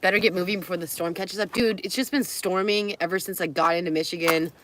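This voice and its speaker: A woman's voice: fairly low pitch, fast talker, a bit bright, slight background noise. A young woman from California, chatting and rambling in a casual travel vlog from the car she lives in, often laughing. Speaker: vlogger.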